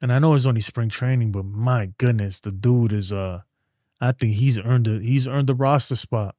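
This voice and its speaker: Man, casual streamer, slangy and rambling, mid pitch, dry close sound. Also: normal speed, dark tone, no room sound. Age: adult with a son. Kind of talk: casual sports talk.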